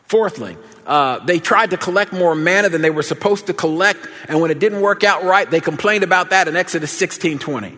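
Folksy preacher in an echoing hall. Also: male voice, sits high, fairly quick, few pauses. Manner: folksy, animated storytelling with laughter. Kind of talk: sermon with personal storytelling. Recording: long hall reverb.

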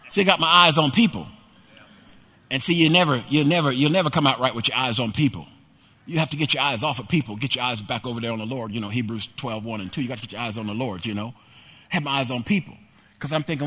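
A man's voice: a little high, quick pace. A middle-aged man preaching and telling a personal testimony, emphatic and repetitive. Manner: emphatic, repetitive, animated storyteller. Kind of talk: sermon testimony storytelling. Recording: echoey hall reverb.

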